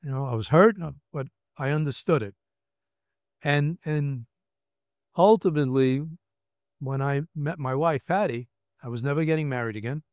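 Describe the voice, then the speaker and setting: An older man in his seventies with a New York accent, speaking with emphatic, halting candor and often repeating himself. His voice sits a little high for a man and comes across smooth and clear, recorded close and dry. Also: no echo. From Brooklyn, New York. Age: 70s. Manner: emphatic, acts out quoted voices, repeats words. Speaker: retired federal agent, guest. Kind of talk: candid interview storytelling.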